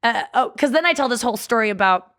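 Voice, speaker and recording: A woman's voice: a little high, fast talker. A woman comedian, a guest on a podcast, telling frank, bawdy stories in casual chat and acting out the quotes. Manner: frank, bawdy, animated storyteller who acts out quotes.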